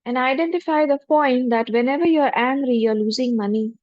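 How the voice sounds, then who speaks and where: A woman, a spiritual teacher leading a guided forgiveness meditation in a gentle, humble voice with repeated affirmations. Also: high-pitched, a little fast, no room sound. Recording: dull lo-fi dry recording.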